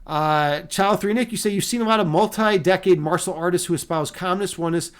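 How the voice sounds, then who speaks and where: A man's voice: high-pitched, brisk. A man streaming casually and talking with his chat in a loose, profane, rambling way. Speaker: livestreamer and meditation teacher. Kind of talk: casual livestream chat reading viewer comments.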